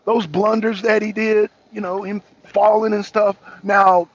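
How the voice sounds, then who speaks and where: A man hosting a talk show riffs casually to his viewers with political commentary, rambling, repeating himself, laughing often and using slang. His high-pitched voice is flat and unhurried, on a dull lo-fi recording.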